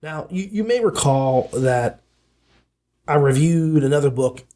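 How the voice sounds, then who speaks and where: A man's voice: on the high side, expressive, a little slow, dark tone. A man hosting a podcast, talking through an audiobook review in a rambling way and often correcting himself mid-sentence. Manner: rambling, with frequent self-corrections. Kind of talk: casual review monologue.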